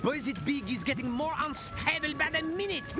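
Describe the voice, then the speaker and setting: A man's voice: very high-pitched, animated, moderate pace. A man voicing an elderly male mole leader in a video game, weary and urgent, pleading for help. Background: game music.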